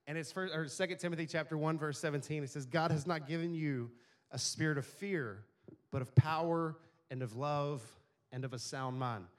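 A man's voice: fairly high pitch, normal speed. A middle-aged male pastor preaching a sermon in a conversational way, often asking the congregation questions.

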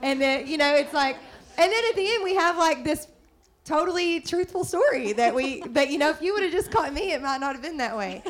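A woman's voice: high-pitched, lively intonation, brisk. Chatty upbeat woman. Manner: chatty and upbeat, many fillers. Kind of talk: casual faith-based chat.

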